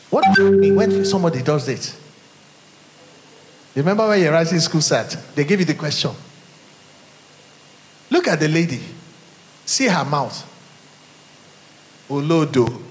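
A middle-aged Nigerian man preaching from the pulpit, his pitch leaping up and down as he quotes scripture and challenges his listeners with questions. His voice sits a little high for a man and rings through a church hall with a long echo. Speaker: pastor. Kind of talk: sermon.

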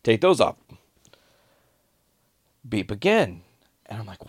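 A man's voice: on the low side, moderate pace, long pauses, slightly rough, no echo, studio quality. A man in casual chat, telling stories with a lot of swearing and laughter. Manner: swearing, animated storyteller with laughs.

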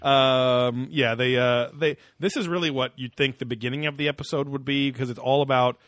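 A man's voice: medium pitch, fairly even intonation, moderate pace, fairly bright tone, no echo. A man co-hosting a casual podcast, rambling with lots of ums and restarts. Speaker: podcast co-host. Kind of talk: casual chat.

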